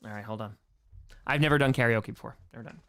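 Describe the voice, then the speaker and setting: A man with a strained, hoarse voice, reading viewer questions aloud and joking at his own expense in a casual livestream Q&A. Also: medium pitch, fast talker. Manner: animated, reads chat aloud, self-mocking jokes. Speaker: streamer answering viewer questions.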